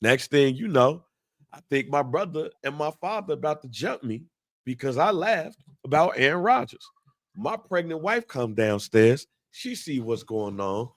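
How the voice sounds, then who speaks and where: A man's voice: mid-range voice, very animated, measured pace, dry recording, studio quality. A man, telling a profane, laughing story as a talk-show co-host.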